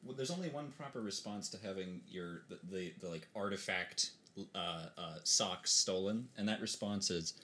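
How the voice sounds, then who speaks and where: A man's voice: deep voice, normal speed, bright, forceful tone. A man playing a tabletop game in casual chat, hesitant with many restarts and dry humor. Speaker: player.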